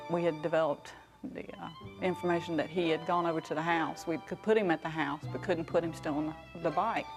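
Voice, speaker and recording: A man, a police officer, calmly recounting how he got a confession, in an interview. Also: a little high. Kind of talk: interview recollection.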